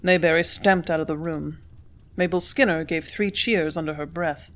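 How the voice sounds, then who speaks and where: A woman reading a classic novel aloud in steady audiobook narration. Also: sits low, moderate pace. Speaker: audiobook reader.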